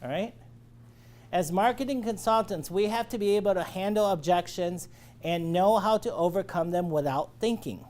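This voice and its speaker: A man's voice: high voice, moderate pace, a little mellow. Guy running a sales training, coaching style, keeps checking in w the room. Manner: coaching, checks in with "all right?". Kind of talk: training lecture.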